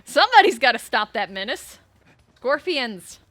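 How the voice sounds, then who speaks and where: A woman streaming a video game, chatting casually with viewers and telling rambling, animated stories with bursts of swearing. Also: a little high, normal speed, no room sound. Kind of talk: casual gameplay chat.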